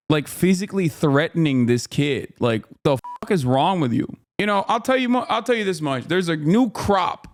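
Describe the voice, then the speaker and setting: A man's voice sits a little high as he rants through live-stream commentary. He talks in an animated, profane way, riffing loudly and swearing freely. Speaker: streamer reacting to clips.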